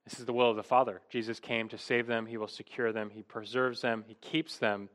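A man's voice: mid-range voice, little pitch movement, a little fast, a bit bright. A man preaching an expository sermon, emphatic and full of rhetorical questions. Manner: emphatic, rhetorical questions, rising to stress key words.

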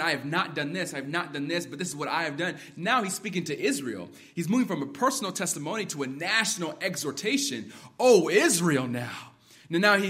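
Man preaching an expository sermon. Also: fairly high pitch. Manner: builds from quiet reflection to emphatic exhortation. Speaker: pastor.

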